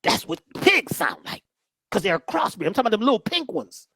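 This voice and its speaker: Lively, joking man telling stories. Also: high voice, a little fast, slightly rough, dry recording. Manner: lively, joking, preacherly, folksy. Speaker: guest speaker. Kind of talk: animated storytelling talk.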